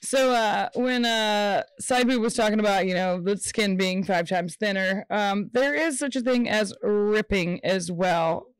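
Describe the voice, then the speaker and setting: A woman's voice: medium pitch, measured pace, hardly any pauses, smooth, dry recording. A woman co-hosting a podcast, chatting casually with lots of fillers and restarts. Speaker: podcast co-host. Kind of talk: casual chat.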